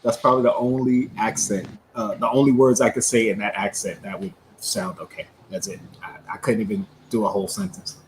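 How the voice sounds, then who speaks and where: A man co-hosting a livestream in relaxed, casual chat, laughing often, heard over a streaming video call. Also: fairly low pitch, a little fast, hardly any pauses, a little hiss or hum, rough recording. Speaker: livestream co-host.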